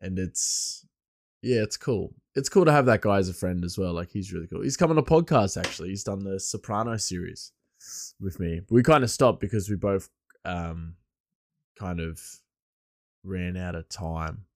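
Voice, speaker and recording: A man hosting his podcast alone, rambling loosely and chuckling, his voice a bit hoarse. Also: deep voice, normal speed, darkish tone, dry recording, clean studio sound. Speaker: podcast host. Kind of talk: casual podcast monologue.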